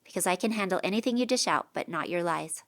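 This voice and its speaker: A woman's voice: fairly low pitch, fast, lightly acted. A woman voicing a stubborn young man who speaks firmly and earnestly, in a storybook reading. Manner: firm, earnest.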